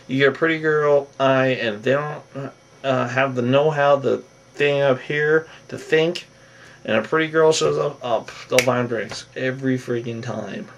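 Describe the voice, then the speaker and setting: A man's voice: mid-range voice, vocal fry, distant mic. Rambling man recapping a reality show. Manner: rambling, animated, acts out cast members' lines. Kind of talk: casual episode recap.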